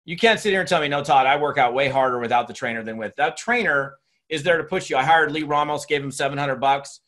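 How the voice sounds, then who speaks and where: Energetic chatty man coaching a crowd. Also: on the high side, quick pace. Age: 50s. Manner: energetic storytelling, chatty with many restarts. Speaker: network marketing speaker and trainer. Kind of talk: motivational training talk. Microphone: webinar recording.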